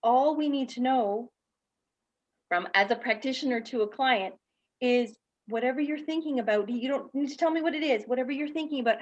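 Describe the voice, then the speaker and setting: On a video call with the highs cut off, a woman with a fairly high voice candidly shares her personal story in a panel talk. She is a guest speaker and teacher, and she acts out the people she describes.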